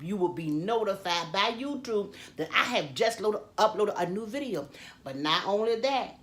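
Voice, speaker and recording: A woman chatting with viewers from her home kitchen while doing dishes, in a repetitive, preachy way, calling them y'all and adding amen. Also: on the high side. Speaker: faith vlogger. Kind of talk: casual chat with viewers while cleaning. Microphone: camera propped up and moved around.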